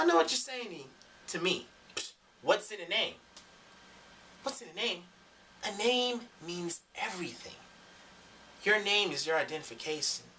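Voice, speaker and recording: A man's voice: on the high side, bright, forceful tone, far from the mic, a little hiss or hum. A young man ranting emphatically to his camera in a preachy, profane vlog monologue. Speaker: vlogger. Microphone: camera mic.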